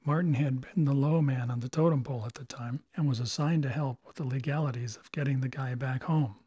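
A man narrating a novel as an audiobook in a steady storytelling manner, recorded on a close microphone. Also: mid-range voice, a little fast, breathy edge, dry recording.

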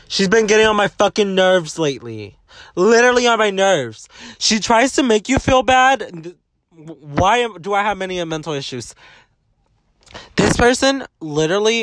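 A young man with a high-pitched voice rants into his camera, dramatic and full of swearing. He talks like a student venting about school and the people around him, in a loose, casual vlog. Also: fairly bright tone, no echo. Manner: ranting, profane, dramatic. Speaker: vlogger, student. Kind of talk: profane ranting vlog.

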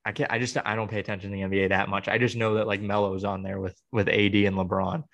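A man's voice: fairly low pitch, level tone, fast talker, gravelly, a bit bright. A young man co-hosting a podcast, venting in a rambling, exasperated way with many restarts. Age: young adult. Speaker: podcast co-host. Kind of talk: casual chat.

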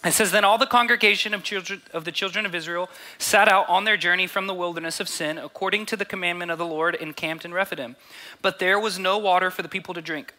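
A man's voice: sits high, fairly even intonation, fast talker, pushed and bright. A young man preaching a sermon, reading scripture aloud and acting out quoted voices, repeating phrases for emphasis. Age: 20s to 30s. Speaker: pastor.

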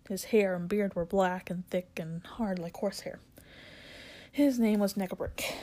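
A woman reading a children's fantasy novel aloud in a soft, often whispery voice. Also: mid-range voice, rough recording. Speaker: reader. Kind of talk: audiobook reading.

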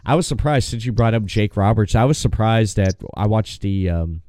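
A man's voice: fairly low pitch, dry recording, clean studio sound. A man hosting a wrestling podcast, chatting casually and often restarting his phrases. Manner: relaxed, halting, restarts phrases. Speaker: podcast host.

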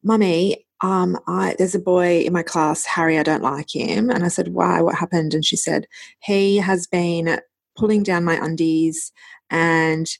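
A woman in her thirties hosts a casual podcast chat, her voice a little low and husky. She tells everyday stories in a chatty, animated way. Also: a little slow. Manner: chatty storytelling, laughs often. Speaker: podcast host.

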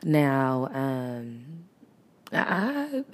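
A woman's voice: rumbling low, very animated, very slow. A woman hosting her own podcast, talking in a rambling, reflective, casual way with chatty asides. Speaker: podcast host. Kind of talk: casual solo podcast monologue.

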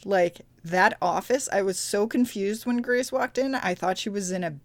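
A woman's voice: medium pitch, normal speed, no room sound. A woman with a mid-range voice chats casually on a podcast about a TV show. Her talk is full of fillers and self-corrections. The sound is dry and close. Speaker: podcast co-host. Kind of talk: casual chat recapping a TV episode.

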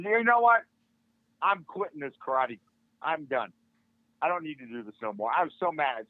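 Older guy with a high voice telling a karate story, acts out everyone's lines, sounds like he's on a dry tinny phone line. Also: no room sound. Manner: animated, acts out quoted dialogue. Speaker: martial arts instructor, podcast guest. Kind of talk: casual storytelling.

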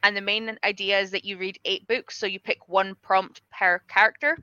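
A woman's voice: mid-range voice, little pitch movement, moderate pace, bright, forceful tone, clear, resonant tone, no room sound, lo-fi sound. A woman chatting as a podcast guest, casual and chatty, swearing now and then, heard over video call audio. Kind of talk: casual chat.

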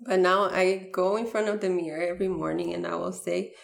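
A young woman talks as a podcast guest in an earnest, heartfelt way. Her voice sits a little low, and her speech is full of "like" fillers and restarts. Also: level tone, a little fast, vocal fry. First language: Bulgarian. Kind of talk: casual interview talk.

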